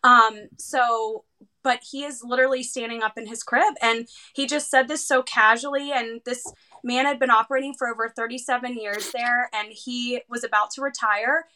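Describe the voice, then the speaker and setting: Woman, thirties, bright tone, higher voice, animated storyteller, interview chat. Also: moderate pace. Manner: animated storyteller with many fillers. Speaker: guest, heart patient's parent.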